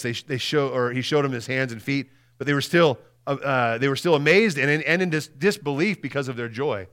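Easter preacher, male, fairly high voice, conversational and animated, drops to a hush for key points. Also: a little fast, hardly any pauses. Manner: animated, conversational, often repeats words and asks "right?"; swings between loud emphasis and quiet, hushed lines. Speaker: pastor. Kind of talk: Easter Sunday sermon.

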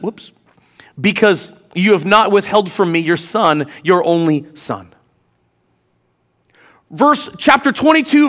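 This man preaches as a pastor, his voice pitched high as he reads from scripture. Some lines come out quiet and drawn out, others loud and emphatic.

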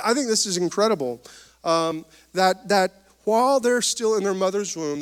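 A man in his thirties delivers a sermon in a high-pitched voice. He preaches with swelling emphasis and folksy humor, calling on the congregation for amens. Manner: preacherly, rising and falling emphasis, calls for amens. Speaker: pastor.

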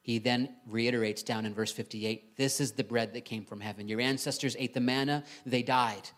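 A man's voice: medium pitch, fairly even intonation, moderate pace, a bit bright. A man, a pastor, preaching a sermon in a church, talking conversationally and asking the congregation rhetorical questions.

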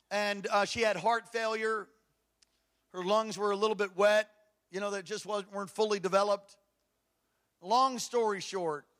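Pastor guy preaching, high bright voice, goes from quiet to yelling. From Hawaii. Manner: impassioned storytelling, swinging from hushed to shouting. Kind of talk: sermon.

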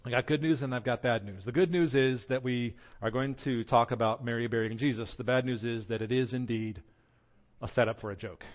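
Male pastor, mid-pitched, conversational and joking, sermon in church, dull lo-fi sound. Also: a little fast.

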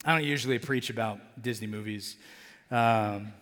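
A man's voice: fairly low pitch, normal speed, a bit bright. Chatty male pastor in an echoing hall. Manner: conversational, many fillers like "like" and "right?"; acts out characters' lines in his storytelling. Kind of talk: sermon. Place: church sanctuary.

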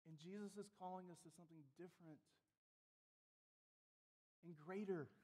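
A middle-aged man preaching a sermon as a pastor, swinging between loud emphatic lines and quiet, intimate questions to the congregation. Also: high voice, fairly even intonation, normal speed, big-room sound.

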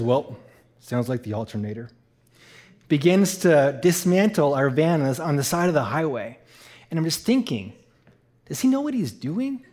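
A man from Eastern Canada, a musician, telling a personal testimony at church as a lively storyteller who turns soft and quiet for grave moments. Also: fairly high pitch.

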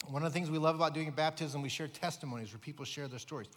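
A man's voice: a little high, racing, fairly bright tone. A male pastor preaching a sermon with emphatic delivery, rising and falling in force. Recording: long hall reverb.

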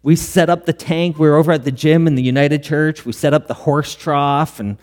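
A man's voice: on the high side, fairly even intonation, moderate pace, a little mellow. Male pastor, middle-aged, earnest sermon storyteller, long hall reverb. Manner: earnest storytelling with quoted dialogue.

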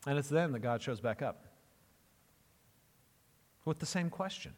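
Emphatic preacher in an echoing hall. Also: male voice, medium pitch, expressive, measured pace, a little mellow. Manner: emphatic, conversational, repeats phrases for effect. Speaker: pastor. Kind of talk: sermon.

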